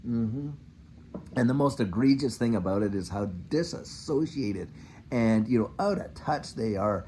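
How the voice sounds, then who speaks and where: Animated middle-aged ranting commentator. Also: mid-range voice, unhurried, a little hiss or hum. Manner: animated, ranting, mock-quoting officials. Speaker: finance channel host. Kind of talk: casual commentary monologue.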